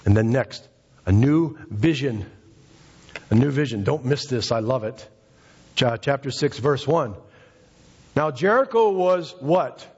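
A man's voice: medium pitch, lively intonation, unhurried, long pauses, slightly rough. A male pastor preaching a fervent, emphatic sermon in a church, often repeating his phrases for emphasis. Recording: reverberant hall, dull lo-fi sound.

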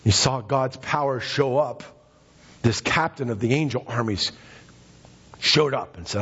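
A man's voice: mid-range voice, unhurried, pauses often, a bit bright, husky. A male pastor preaching a fervent, emphatic sermon in a church, often repeating his phrases for emphasis. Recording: reverberant hall, dull lo-fi sound.

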